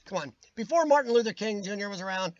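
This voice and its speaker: Talking fast and animatedly in a high voice, an American streamer rants about his strong views and replies to chat by name as his voice wears out. The recording is dry, with the highs cut off.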